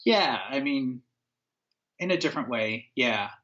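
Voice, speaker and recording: A former record label owner from upstate New York, guesting on a podcast, tells an anecdote in casual conversation, acting out quotes and using lots of fillers. His mid-range voice is a little slow, and the recording has its highs cut off.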